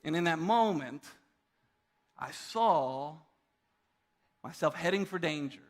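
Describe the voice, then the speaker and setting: A man's voice: fairly high pitch, expressive, slow. A man in his thirties preaching a sermon as a pastor, telling a personal story in an earnest way. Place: church auditorium.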